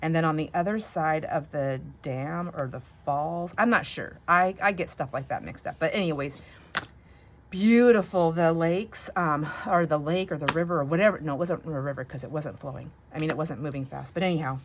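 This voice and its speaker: A woman's voice: sits low, moderate pace, a little hiss or hum. A middle-aged woman chatting casually while she crafts, rambling through a story with frequent "anyhow"s. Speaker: craft vlogger.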